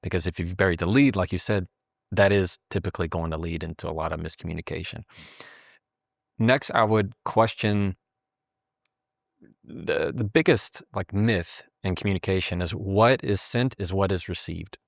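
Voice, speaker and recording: Man, very low voice, dry close sound, reflective, acts out dialogue. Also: normal speed, creaky, no room sound. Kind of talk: casual podcast conversation.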